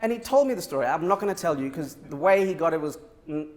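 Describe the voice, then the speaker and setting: A man giving a motivational keynote on a conference stage, telling a story in a lively way and acting out the dialogue. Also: a little high, fast talker. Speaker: keynote speaker.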